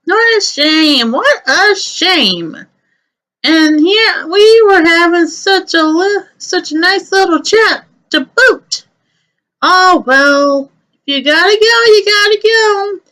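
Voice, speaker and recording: A chatty, overly talkative little male rabbit critter from a fantasy game, put on by a woman reading the story aloud. His voice rides high and bright, and he rambles in a chummy, folksy way. He takes his time, lingering on his words. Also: expressive, slow pace, heavily acted.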